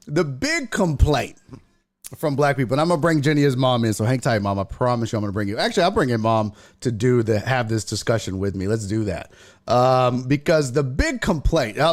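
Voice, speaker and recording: Man, sports livestream host, casual, profane, rambling, very animated pitch.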